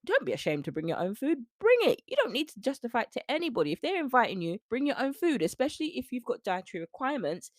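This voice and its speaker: A woman's voice: on the high side, wildly swooping pitch, fast talker, hardly any pauses, no room sound, clean studio sound. A British woman nutrition coach hosting a solo podcast, speaking in a direct, preachy, encouraging way.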